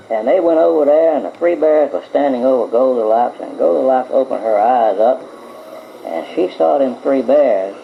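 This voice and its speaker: A man's voice: medium pitch, vocal fry, mellow. A man in his fifties, a grandfather, telling a bedtime story in a homespun, folksy way. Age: 50s. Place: home. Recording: muffled old home tape with faint hiss.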